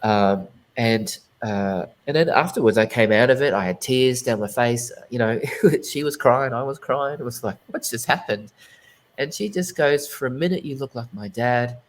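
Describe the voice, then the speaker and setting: A man's voice: mid-range voice, expressive, normal speed, low-quality recording. A man, a guest psychic medium, telling his story in a casual interview, earnest and rambling with many restarts.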